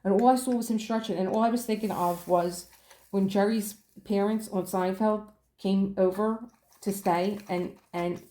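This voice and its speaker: Woman, casual storyteller vlogging from home; animated retelling with laughs, room echo audible. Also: medium pitch. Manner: chatty, acts out quoted dialogue, laughs often. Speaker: diamond painting vlogger.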